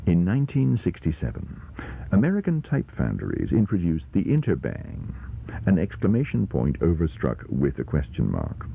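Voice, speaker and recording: A man's voice: sits low, wildly swooping pitch, moderate pace, vocal fry, narrow, tinny audio, slight background noise. A man giving scripted narration in a dry, formal manner.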